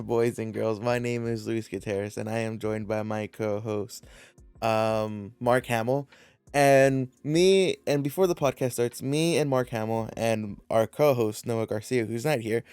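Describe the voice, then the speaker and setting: A man's voice: medium pitch, clear, resonant tone, no room sound. Guy hosting a chill podcast, easygoing and rambly, mid voice, dry sound. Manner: relaxed, rambling, jokey. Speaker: podcast host. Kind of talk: casual podcast chat.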